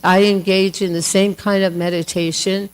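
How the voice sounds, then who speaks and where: A woman voicing an indignant goddess wife who scolds her husband in heated, rapid complaints. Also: mid-range voice, flat delivery, clean tone, big-room sound, lightly acted, poor audio.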